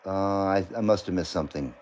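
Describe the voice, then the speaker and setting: A man's voice: low voice, brisk, darkish tone. A middle-aged man hosting a live stream, chatting casually, joking and laughing often as he reads comments.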